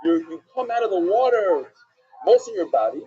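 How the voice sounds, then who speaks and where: A man teaching Talmud over a livestream, this rabbi asks his listeners questions only to supply the answers himself, speaking at a moderate pace. The tone is high and mellow yet husky, delivered in a lively, swooping way, and the stream's audio is dull and lo-fi.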